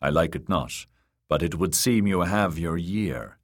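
A man doing a gruff proud old lord. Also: low voice, lively intonation, a little slow, heavily acted. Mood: grudging. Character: proud blunt older male lord. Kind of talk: audiobook character voice.

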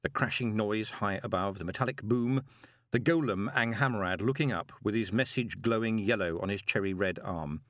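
A man reading a novel aloud as an audiobook narrator, dramatic and expressive with drawn-out pauses. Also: fairly low pitch, no echo. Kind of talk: scripted narration. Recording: dry close studio recording.

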